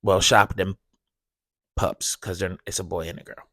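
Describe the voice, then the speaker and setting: Guy ranting on his podcast, swears a lot, goes loud and high when he's mad, dry mic. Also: steady tone, moderate pace, no room sound. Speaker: podcast host. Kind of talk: casual ranting monologue.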